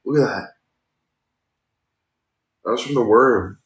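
A man's voice: medium pitch, slow, roomy sound. A young man in his twenties, chatting casually on a live stream and thanking viewers for gifts, tired and sore. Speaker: livestreamer.

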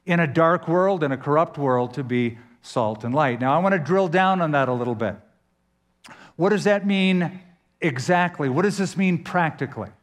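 A man preaching a sermon as pastor, emphatic, with dramatic pauses and sudden swings in pitch. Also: in a large hall.

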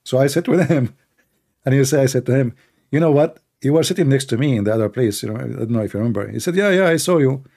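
A man with a non-native English accent hosting a call-in livestream, telling stories in a rambling, animated way. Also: mid-range voice, fast talker, gravelly, breathy edge. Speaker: host of a call-in show. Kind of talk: casual livestream talk.

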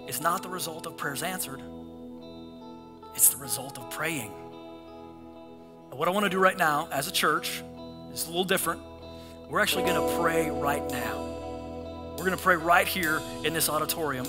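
A male pastor preaching a sermon in a church auditorium, animated and acting out the voices of the people in his stories. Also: high voice. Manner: animated, acts out voices in scripture and prayers.

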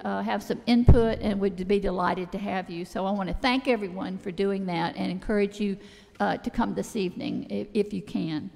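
A woman with a loud voice leading the welcome and announcements in a church service, talking informally with fillers and restarts. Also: mid-range voice, gravelly. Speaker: church worship leader. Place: church sanctuary. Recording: long church reverb.

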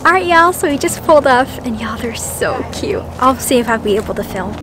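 A woman with a Texan accent chatting excitedly to her camera outdoors on her farm, saying y'all constantly. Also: a little high, fairly quick, music in the background. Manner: bubbly, says y'all constantly. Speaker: homestead vlogger. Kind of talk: casual chat to camera.

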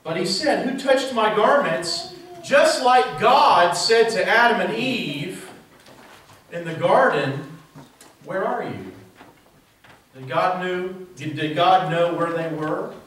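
A man's voice: high voice, animated, slow, fairly bright tone. A male pastor preaching a sermon in a church, asking the congregation rhetorical questions. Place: church sanctuary. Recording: very echoey church heard from a distance.

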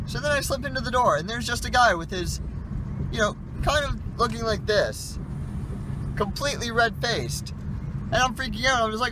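A young man vlogs outdoors and tells an awkward story with animated, self-deprecating energy. His voice sits somewhat high. Traffic noise runs clearly underneath. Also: normal speed. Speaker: vlogger. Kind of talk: casual vlog storytelling.

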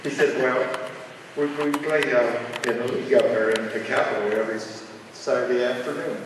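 A man in his seventies from Ohio, telling folksy stories at a charity fundraiser in a halting, rambling way with many filler sounds. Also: mid-range voice, steady tone, background noise. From Ohio, USA. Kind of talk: folksy personal storytelling. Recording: echoey hall, distant mic.

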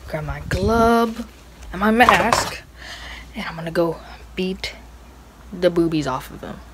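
A woman's voice: lowish voice, takes it slowly, slightly rough. Playful woman narrating a homemade skit. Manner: playful, jokey. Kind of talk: casual skit narration to camera.

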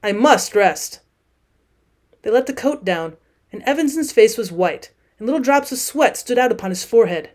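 A woman teacher narrating a classic short story as an audiobook in a steady, clear reading voice. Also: on the high side, brisk.

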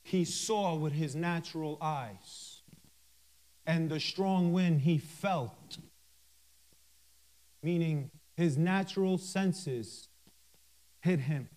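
A man with a notably high voice delivers a sermon at an unhurried, drawn-out pace. He reads scripture verse by verse, leaning on emphatic pauses and breaking in with fervent hallelujahs. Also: darkish tone. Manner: fervent, interjects hallelujah and praise God. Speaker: minister.

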